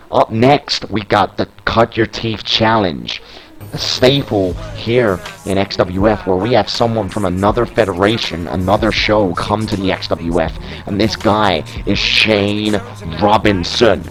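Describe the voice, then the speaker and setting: A young man calling play-by-play on a video game wrestling show and getting excited at the big moves. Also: lowish voice, poor audio. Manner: excitable play-by-play, reads promos aloud. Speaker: wrestling commentator.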